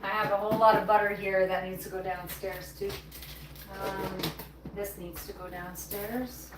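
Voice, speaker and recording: A woman's voice: mid-range voice, fairly even intonation, moderate pace. A woman hosting a casual livestream from her home kitchen, chatting to viewers in a rambling way while she bakes and tidies. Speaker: livestream host baking at home. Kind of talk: casual live-stream chat while working. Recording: roomy, distant, noisy kitchen sound.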